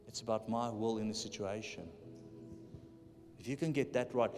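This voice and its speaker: Animated preacher in a hall. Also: male voice, medium pitch. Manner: animated, acts out voices in his stories, swings from loud to hushed. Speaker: guest preacher. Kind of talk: conference sermon with storytelling. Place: large church hall. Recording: live church hall reverb with music underneath.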